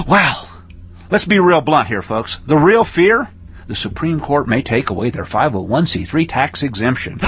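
A man hosting a religious commentary show, preaching fervently with sarcasm and swinging from low mutters to loud outbursts. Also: sing-song, unhurried, slightly rough.

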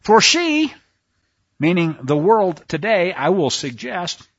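A man preaching a sermon, reading scripture aloud and commenting with sarcastic asides, swinging between hushed passages and shouts. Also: high voice, very animated, takes it slowly, no echo, lo-fi sound.

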